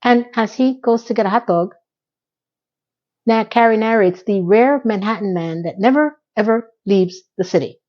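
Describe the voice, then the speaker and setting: A woman chats through a TV episode recap at a middle pitch, playing out each character's lines as she goes. She cuts in with blunt, opinionated asides. The recording sounds a little dull and lo-fi. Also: moderate pace. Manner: chatty, retells scenes by acting out quotes. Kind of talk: casual TV recap commentary.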